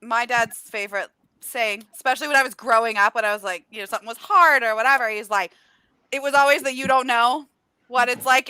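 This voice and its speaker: A woman's voice: on the high side, fairly quick, pushed and bright, smooth, rough recording. A woman in her thirties hosting a video-call book chat, telling wry stories about her family. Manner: chatty, wry storyteller. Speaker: booktuber host. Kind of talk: casual storytelling chat.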